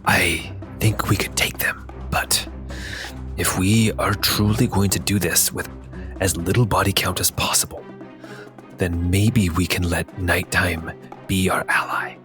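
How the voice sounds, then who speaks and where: A man voicing a cautious male rogue ally in a whispered role-play, hushed and scheming. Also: low-pitched, fairly even intonation, measured pace, pauses often, over music. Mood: plotting.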